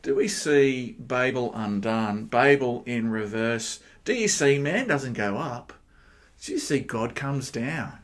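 An Australian man preaching a sermon, animated and emphatic, firing rhetorical questions at his listeners. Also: takes it slowly. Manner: animated, with sudden jumps in pitch and loudness. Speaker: pastor.

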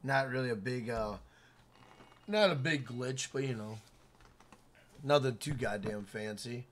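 A man live-streaming a video game, talking loudly to his chat with swearing and shout-outs. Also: mid-range voice, unhurried.

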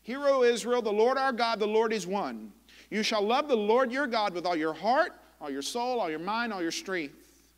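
A man preaching a sermon as pastor, impassioned and emphatic, with dramatic pauses. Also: sits high, expressive, in a large hall. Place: church sanctuary.

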